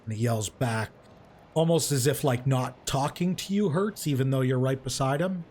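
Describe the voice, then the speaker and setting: A man runs a tabletop roleplaying session as game master. He narrates in a loose, rambling way and often restarts his sentences. His voice sits at an ordinary middle pitch, with a faint hiss underneath. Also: moderate pace, a little mellow. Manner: rambling, lots of fillers and restarts.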